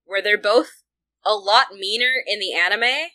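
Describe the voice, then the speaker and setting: A woman co-hosting a fan discussion podcast, talking in a loose, animated way full of fillers. Her voice is bright and forward, sitting at an ordinary middle pitch. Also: unhurried. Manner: chatty, animated, lots of fillers and asides. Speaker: podcast co-host.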